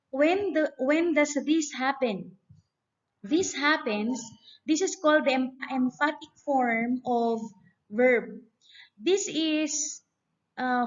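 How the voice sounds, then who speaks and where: A woman giving a grammar lecture, explaining step by step and reading example sentences aloud. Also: sits high. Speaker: teacher. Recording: dull lo-fi recording.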